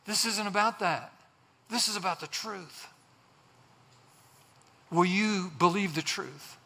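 A preacher voicing an earnest teacher who presses a governor with pleading questions. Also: male voice, high-pitched, slow pace, pushed and bright, full character voice. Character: calm earnest teacher addressing a governor, adult man. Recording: long hall reverb.

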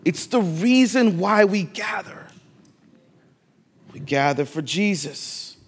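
Slow, deliberate Latino-accented pastor. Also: male voice, high-pitched, lively intonation, husky, big-room sound. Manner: emphatic, repeats phrases for weight. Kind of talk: sermon. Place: church sanctuary.

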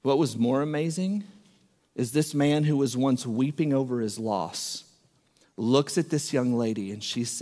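A man's voice: medium pitch, moderate pace, dark tone. Man, sermon storytelling, acts out the quotes, church hall reverb. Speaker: preacher.

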